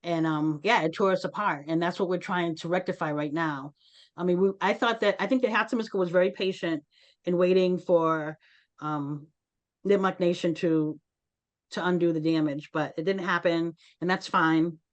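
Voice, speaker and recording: Woman host, lowish voice, earnest and conversational, video call meeting. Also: steady tone, normal speed, highs cut off. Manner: earnest, conversational, calls on participants. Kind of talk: online community meeting discussion.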